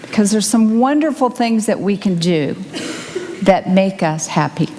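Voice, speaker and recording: Woman minister, mid-pitched, lively teasing sermon, long church-hall reverb. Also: measured pace. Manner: upbeat, teasing, guides listeners through reflection. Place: church sanctuary.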